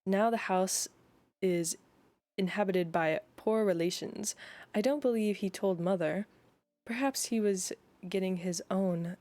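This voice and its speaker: Woman voicing a brisk young lady journalist in a put-on Australian accent. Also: on the low side, a little mellow.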